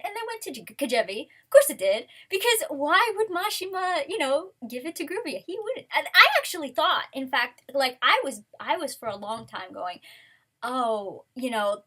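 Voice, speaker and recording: High-voiced rambling woman fan vlogger. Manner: rambly, excitable, lots of restarts. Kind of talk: casual rambling chat.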